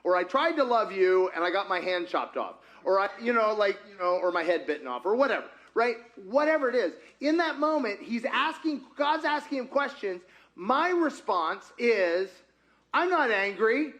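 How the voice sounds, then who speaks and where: A man's voice: high voice, very animated, normal speed, fairly bright tone. A man preaching an interactive sermon who talks with his congregation and acts out conversations with God. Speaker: pastor.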